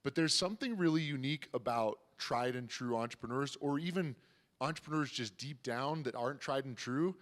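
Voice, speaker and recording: Man, interview host, enthusiastic, encouraging, conversational, mid-pitched. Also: brisk, a bit bright.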